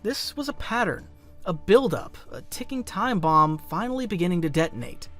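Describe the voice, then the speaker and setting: High, lively man narrating gravely. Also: moderate pace, soft background music. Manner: grave, dramatic storytelling. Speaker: commentary narrator. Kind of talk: scripted dramatic narration.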